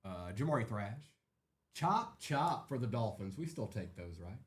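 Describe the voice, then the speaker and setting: Lively man hosting a card break. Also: on the low side, unhurried, a little hiss or hum. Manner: lively, chatty, rattling off names. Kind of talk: live card-break commentary.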